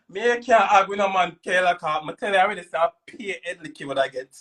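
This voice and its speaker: Jamaican man, very high voice, loud cursing rant, live stream host. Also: lively intonation, fast talker, hardly any pauses, distant mic.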